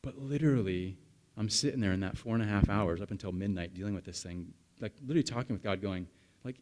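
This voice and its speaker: Male pastor, 30s, lowish voice, relaxed storytelling sermon with asides to the room. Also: fast talker. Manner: chatty storytelling with the congregation, animated asides. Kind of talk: conversational sermon.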